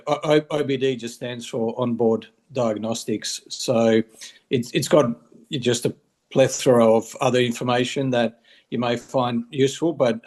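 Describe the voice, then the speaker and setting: Male co-host, mid pitch, explanatory, filler-heavy delivery. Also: darkish tone. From Australia. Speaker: club co-host. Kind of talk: casual explanation.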